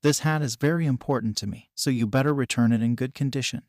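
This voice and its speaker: A man reading the lines of an easygoing adult pirate captain in a plain, even voice. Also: medium pitch, fast talker, no echo, studio quality, lightly acted. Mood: reassuring.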